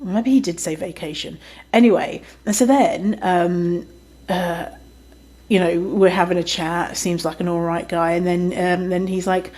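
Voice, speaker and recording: A woman's voice: fairly low pitch, steady tone, unhurried, a little mellow. A woman hosting a podcast, telling a story in a casual, chatty way, swearing freely and often laughing. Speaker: podcast host.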